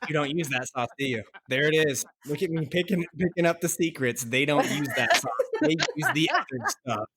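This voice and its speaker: A man co-hosting a casual podcast chat, playful and quick to laugh, repeating words as he tries them out. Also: a little high, crowd noise. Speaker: podcast co-host.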